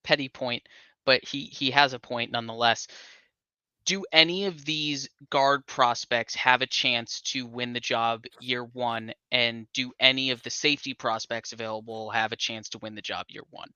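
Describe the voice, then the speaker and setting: A man co-hosts a casual football draft chat in an easygoing, agreeable way. His voice is bright and crisp, and it comes through a dry, somewhat dull remote line. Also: mid-range voice, fairly even intonation, normal speed, no echo. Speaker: podcast co-host.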